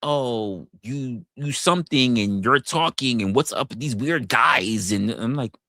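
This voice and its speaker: Animated man venting in a dry, close room. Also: mid-range voice, no echo. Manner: animated, rising to incredulous outbursts, swears freely; halting restarts. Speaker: streamer. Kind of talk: casual chat, venting on a livestream.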